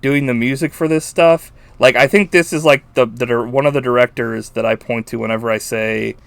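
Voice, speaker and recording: A man co-hosting a podcast in casual chat, animated, swearing freely and laughing often. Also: medium pitch, brisk, gravelly, smooth, no room sound. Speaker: podcast co-host. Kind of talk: casual chat about a film.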